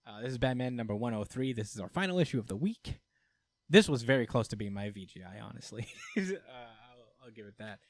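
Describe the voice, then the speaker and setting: A man's voice: medium pitch, animated, brisk, no echo. A man co-hosting a podcast, rambling through a comic recap in loose casual chat full of fillers and laughs. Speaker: podcast co-host.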